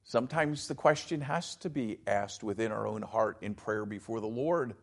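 Gravelly-voiced male pastor preaching. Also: fairly low pitch, moderate pace, hardly any pauses. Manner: expository preaching with emphatic, dramatized quotes. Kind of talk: sermon.

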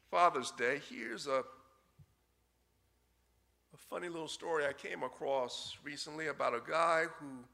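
A man preaching a sermon, telling a folksy story in a deliberate way with short pauses. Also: on the high side, gravelly, sharp tone. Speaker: pastor.

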